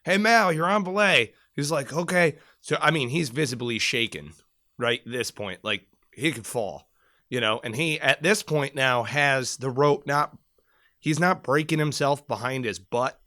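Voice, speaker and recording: A man co-hosting a podcast, telling a story in a casual, animated way with plenty of swearing. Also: mid-range voice, unhurried, dry recording, clean studio sound. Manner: animated, profane, rambling storyteller. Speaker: podcast co-host, former Marine.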